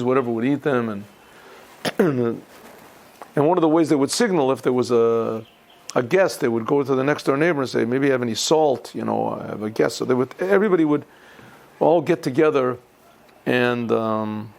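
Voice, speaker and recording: A man, a rabbi, giving an informal Torah lesson, often clearing his throat and restarting his sentences as he thinks aloud. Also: medium pitch. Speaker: rabbi teaching a yeshiva class.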